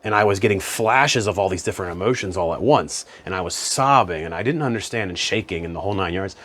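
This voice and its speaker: A man's voice: low-pitched, lively intonation, quick pace, fairly bright tone. A man talking as a spiritual self-help coach in a casual, conversational monologue, often saying "you know" and "man".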